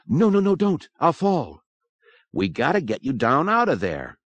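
A man reading aloud, voicing a sharp-tongued young woman who panics when the floor gives way. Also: mid-range voice, wildly swooping pitch, moderate pace, dry recording, highs cut off, pitched above the performer's own voice, full character voice. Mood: panicked. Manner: snappish, then panicked.

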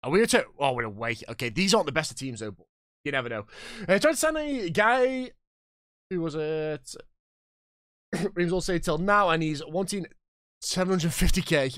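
Streaming a football management game, a talkative man in his thirties bounces between joking with viewers and shouting at the match. His fairly high voice rises and falls freely. The recording is dry, with no surrounding room and no echo.

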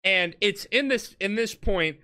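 A tipsy man hosting a podcast, telling a story in a casual, profane way and jumping into shouted character voices. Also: sits high, animated, measured pace. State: drunk. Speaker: podcast host.

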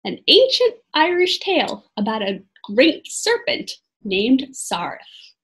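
A woman voicing a kindly, wise enchantress who speaks calmly. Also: high-pitched, slow, exaggerated voice. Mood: gentle.

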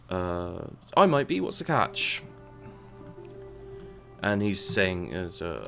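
A man's voice: deep voice, expressive, slow pace, vocal fry, fairly bright tone, soft background music. A man giving casual commentary while playing and reviewing a game, rambling and often tripping over and repeating his words. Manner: rambling, stumbles and repeats words, mutters asides.

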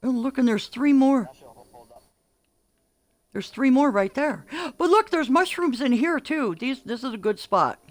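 An older woman livestreaming a game, chatting excitedly and calling out orders to her teammates. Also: sits high, a little slow, pauses often. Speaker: gaming streamer. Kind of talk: live gameplay commentary.

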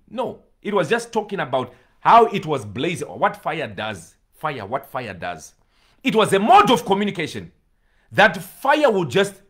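A man's voice: fairly high pitch, a bit bright, husky. A man preaching a sermon, pleading and emphatic, repeating key words for stress.

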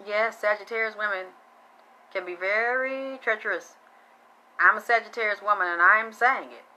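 Blunt, bright-voiced woman psychic reader. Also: mid-range voice, normal speed, poor audio. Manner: blunt and chatty, swears freely, thanks viewers by name. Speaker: psychic reader hosting a live stream. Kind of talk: casual live-streamed psychic reading.

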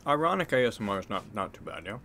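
An excitable male streamer commentating his gameplay live, joking and swearing as he talks to chat. His pitch jumps around a lot, and steady background noise sits under his stream mic. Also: fast. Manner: excitable, joking, swears freely, chats to viewers. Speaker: game streamer.

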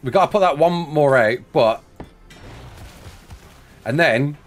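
A man's voice: a little high, takes it slowly, faint music behind. A young man, from England, streaming a game live, chatting, joking and laughing while reading chat aloud.

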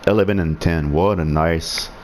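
A man's voice: sits low, moderate pace, darkish tone, a little hiss or hum. A man giving sarcastic, swearing commentary on his own online shooter match, muttering in frustration, a non-native speaker of English whose first language is French. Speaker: gaming streamer. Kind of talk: live gameplay commentary.

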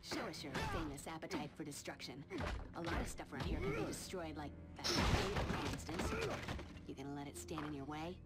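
A wisecracking young vampire slayer. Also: female voice, low-pitched, sing-song, brisk. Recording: loud game music behind.

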